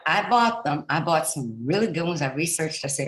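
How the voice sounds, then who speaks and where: A woman's voice: low-pitched, animated, fairly quick, roomy sound, slight background noise, low-quality recording. A woman hosting a podcast as a pastor, speaking in an earnest, chatty way and poking fun at herself in a casual interview.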